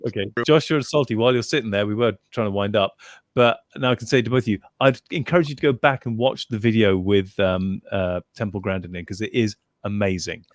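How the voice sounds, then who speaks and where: A man hosting a casual livestream over a video call, chatty and quick to laugh. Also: lowish voice, no echo, studio quality. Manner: upbeat, chatty, laughs easily. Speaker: host.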